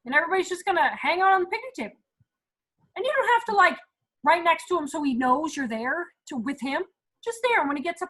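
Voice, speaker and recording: A woman's voice: very high-pitched, expressive, fast talker, a bit bright, low-quality recording. A woman in her thirties leading a casual parenting talk, chatty and acting out little quotes as she goes. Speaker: parenting group leader.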